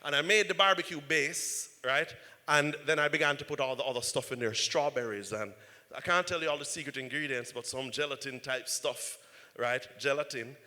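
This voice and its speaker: Bright-voiced preacher in a reverberant church. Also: male voice, mid-range voice, moderate pace. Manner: animated, repeats "right?". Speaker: pastor. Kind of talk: storytelling sermon.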